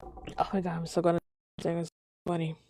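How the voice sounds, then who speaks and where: A woman's voice: lowish voice, monotone, brisk, dark tone, dry recording, low-quality recording. A woman hosting a live stream, reading online posts aloud and commenting on them between frequent fits of laughter. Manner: giggly, breaks into frequent laughter.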